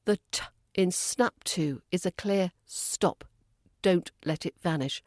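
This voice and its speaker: A British woman gives a scripted pronunciation lesson at a measured, unhurried pace. She demonstrates each phrase with crisp, lively stress. The sound is close and dry, with no room around it. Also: medium pitch, dry recording. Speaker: accent coach.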